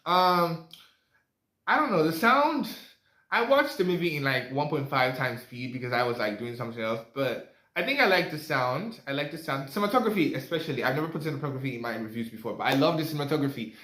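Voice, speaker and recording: A man's voice: mid-range voice, lively intonation, fast, few pauses, pushed and bright. Chatty young man in an echoey room. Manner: rambling, chatty, lots of fillers and asides. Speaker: movie reviewer. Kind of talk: casual spoken movie review.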